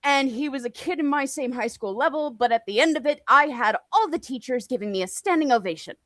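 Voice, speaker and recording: A woman guest on a livestream tells a story with sarcastic, passionate flair and pokes fun at herself. Her voice is bright and ringing and sits a little high. The sound is close and dry. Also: a little fast, no echo. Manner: animated and self-mocking, laughs often. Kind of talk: casual storytelling chat.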